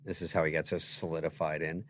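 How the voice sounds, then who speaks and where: A middle-aged comedian telling stories in a casual chat, acting out the people he quotes with sudden loud jumps. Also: extremely low pitch, fast. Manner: animated, acts out quoted voices with loud jumps. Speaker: guest comedian.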